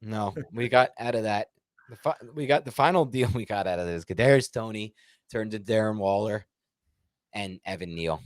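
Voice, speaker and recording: A stressed man co-hosting a sports podcast, ranting heatedly and swinging between loud outbursts and muttered calm. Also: lowish voice, moderate pace, no room sound. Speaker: podcast co-host. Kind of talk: casual sports podcast rant.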